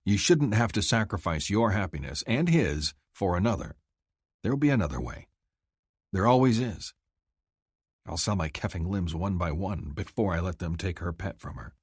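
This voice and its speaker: A man narrating a first-person romance audiobook in a husky voice, shifting up to speak the heroine's lines. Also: normal speed, no room sound, clean studio sound. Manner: husky, lively delivery, lifting high for the heroine's lines.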